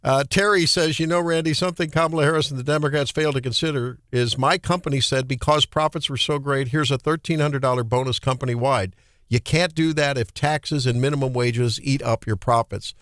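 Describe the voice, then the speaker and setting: A man hosting a political talk radio show with a Midwestern American accent, talking in an animated, indignant way and often restarting his sentences. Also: medium pitch, a little fast, no room sound, studio quality.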